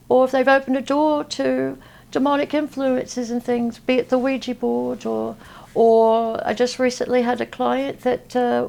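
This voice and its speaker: A woman from Texas, a guest in an interview, talking in a halting way with many fillers. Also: sits high, vocal fry, darkish tone. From Texas, USA. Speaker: interview guest, spiritual healer. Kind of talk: casual interview talk. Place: at a convention.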